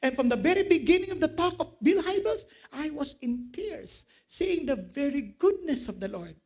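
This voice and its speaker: A male pastor preaching a sermon in a very high voice. He quotes scripture, asks the congregation questions, and laughs along with his own jokes. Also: expressive, normal speed, a little mellow.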